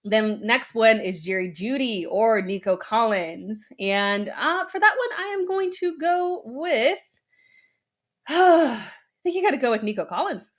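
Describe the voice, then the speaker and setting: A woman's voice: on the high side, lively intonation, unhurried. A woman hosting a live stream segment, upbeat as she talks through viewer questions. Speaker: show host answering questions.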